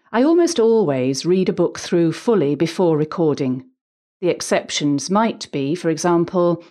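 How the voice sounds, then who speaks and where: Measured, articulate middle-aged woman narrator. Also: fairly low pitch. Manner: measured, articulate, gently humorous. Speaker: volunteer audiobook narrator. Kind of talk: reading a prepared personal account.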